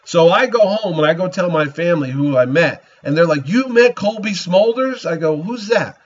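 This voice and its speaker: Husky animated man telling stories. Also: fairly high pitch, fairly quick. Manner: animated, acts out both sides of conversations. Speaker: podcast host. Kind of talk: casual storytelling. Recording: dull lo-fi recording.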